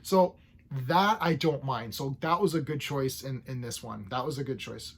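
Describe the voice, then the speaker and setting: A man reviewing comic books in a casual vlog, opinionated and ranting, who clears his throat often. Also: medium pitch, normal speed, a little hiss or hum. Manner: opinionated, ranting about story tropes.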